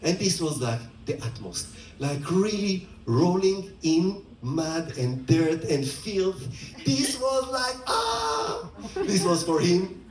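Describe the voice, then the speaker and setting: Animated, playful male storyteller. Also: fairly high pitch, slow pace. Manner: animated, playful, laughing asides. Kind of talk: retelling a myth to an audience. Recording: roomy, distant mic, faint ambience.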